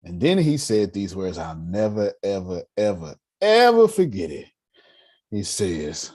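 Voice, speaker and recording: Male finance teacher in his thirties, low husky voice, emphatic storyteller who repeats lines to drive them home. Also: very animated, a little slow, darkish tone. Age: 30s. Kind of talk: lively motivational lecture to a live audience.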